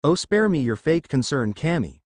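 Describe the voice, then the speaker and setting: Guy reading a hot-headed young ninja guy, defiant and mouthy, storybook style, lively voice. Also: a little high, moderate pace, dry recording. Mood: furious taunting. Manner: defiant, taunting.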